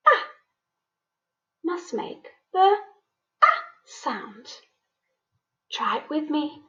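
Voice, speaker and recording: Woman, high lively voice, very slow sing-song delivery, children's phonics teacher, dull lo-fi recording. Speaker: primary school teacher.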